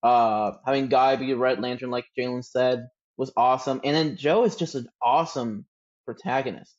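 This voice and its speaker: A man's voice: medium pitch, normal speed, dull audio. A man co-hosting a comics podcast in casual chat, thoughtfully explaining his opinions at length. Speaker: podcast co-host.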